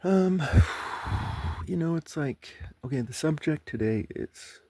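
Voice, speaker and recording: A man's voice: fairly high pitch, expressive, takes it slowly, mellow, no echo. A man hosting his own show, talking in a rambling, wandering monologue full of sighs, swearing and fillers.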